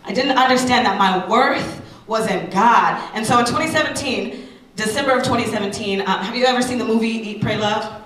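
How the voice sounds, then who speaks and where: A woman in her thirties, a radio personality, giving a candid personal testimony talk to an audience, animated and full of asides. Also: a little high, brisk, heavy reverb, far from the mic, rough recording.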